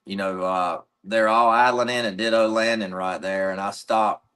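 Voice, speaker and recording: A man's voice: on the low side, steady tone, normal speed, a bit bright, clear, resonant tone. A middle-aged man from North Carolina, a pro angler, telling a long story in a casual, rambling way.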